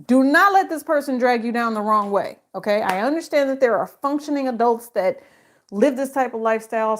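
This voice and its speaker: A middle-aged woman giving a casual, rambling psychic tarot reading, full of fillers and self-interruptions. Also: fairly high pitch.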